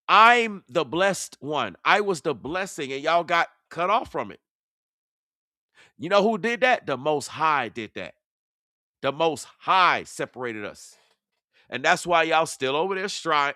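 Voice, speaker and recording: A man's voice: a little high, sharp tone, dry recording, studio quality. Confrontational man calling out rivals. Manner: confrontational, preachy, mocking. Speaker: online commentator. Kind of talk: heated reaction commentary.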